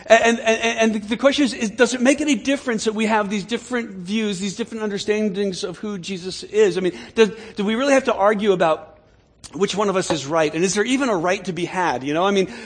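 A man's voice: high-pitched, husky. A man preaching a sermon as pastor, speaking conversationally and often repeating words and restarting. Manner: soft slow prayer voice.

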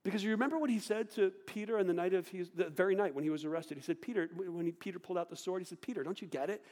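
A man preaching a sermon, swinging between loud outbursts and hushed, low delivery. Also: racing. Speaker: pastor. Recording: long hall reverb.

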